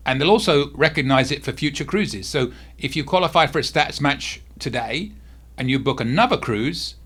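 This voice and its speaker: A man hosting a casual cruise vlog at home, talking softly because his face is sore, with frequent asides to a restless cat. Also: medium pitch. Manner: talks softly, easily distracted by a restless cat.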